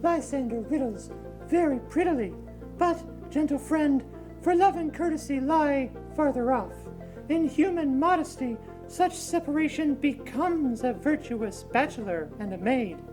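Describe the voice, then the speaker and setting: A woman's voice: sits high, expressive, measured pace, over music. A woman playing a modest young woman in love, prim and firm, in an amateur Shakespeare reading. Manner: prim, then frantic.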